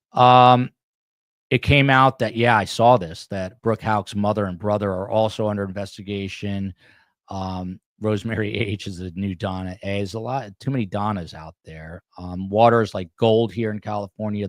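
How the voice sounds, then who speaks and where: A man's voice: on the low side, no room sound, studio quality. A man hosting a podcast livestream, rambling casually and reading out chat comments as he signs off. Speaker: podcast host.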